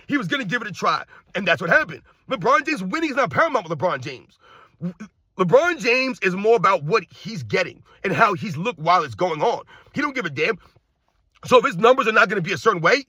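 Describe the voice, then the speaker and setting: A man with a high, bright, sharp voice rants about sports, firing off repeated rhetorical questions and now and then raising his voice to a shout. The sound is dry and close, with no room around it. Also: husky, dry recording. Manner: emphatic, repetitive rhetorical questions; addresses viewers as guys, occasional shouting. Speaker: sports commentary host. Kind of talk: ranting sports commentary.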